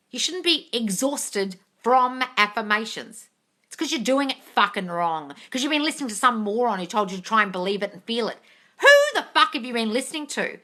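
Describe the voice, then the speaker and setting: A woman hosts a live Q&A and answers her viewers' comments in a blunt, scolding, exasperated way, with a lot of swearing. Her voice is bright and sharp, and it swings widely in pitch, rising and falling as she pushes her point. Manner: reads viewer comments aloud. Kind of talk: casual live-stream Q&A.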